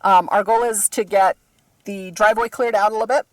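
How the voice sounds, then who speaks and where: A woman's voice: medium pitch, steady tone, brisk. A woman narrating a casual vlog about work at her cabin, talking in a chatty way with many fillers. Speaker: vlogger. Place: snowy cabin, indoors and out. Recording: noisy camera audio.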